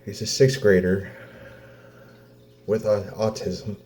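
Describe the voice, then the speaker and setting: A man's voice: fairly low pitch, little pitch movement, a little mellow, a little hiss or hum. A man, a father venting in a personal vlog, blunt and swearing, close to tears. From Oklahoma. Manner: blunt, heavy swearing, halting pauses. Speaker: vlogger, father.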